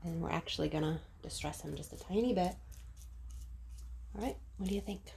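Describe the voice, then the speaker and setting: A woman's voice: fairly low pitch, a little fast, gravelly, mellow, a little hiss or hum. A woman hosting her own DIY channel, talking viewers through a craft project step by step in a casual, friendly way. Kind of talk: casual how-to narration.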